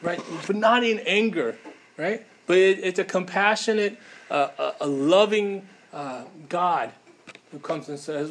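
A man with a slightly higher voice gives a relaxed, conversational sermon, peppering it with fillers and "right?" tag questions. A faint hiss sits under the recording. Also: a little slow. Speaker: preacher. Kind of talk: casual sermon.

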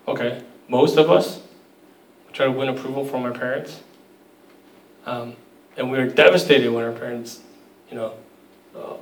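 A man's voice: medium pitch, roomy sound, distant mic, rough recording. A man preaching a sermon in a conversational, storytelling way, acting out quoted voices. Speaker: pastor.

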